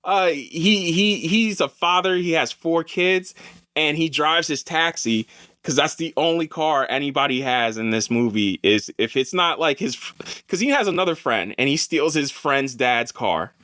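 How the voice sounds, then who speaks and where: A man hosting a casual film podcast, talking in an animated, slangy way with plenty of swearing. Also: fairly high pitch, measured pace, no echo, studio quality. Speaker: podcast host, film reviewer. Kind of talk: casual chat.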